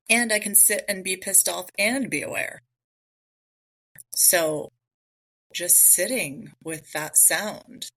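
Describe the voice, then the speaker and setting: A woman's voice: low-pitched, fairly bright tone, low-quality recording. A woman hosting a solo podcast, talking through ideas in a casual, thinking-aloud way with many rhetorical questions. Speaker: podcast host. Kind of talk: solo reflective talk on mindfulness.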